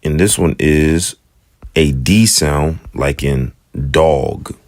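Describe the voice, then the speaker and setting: A man with an African American English accent teaching the Hebrew alphabet in a casual lesson, slowly repeating each letter's sound. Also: a bass voice, darkish tone, no room sound. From United States.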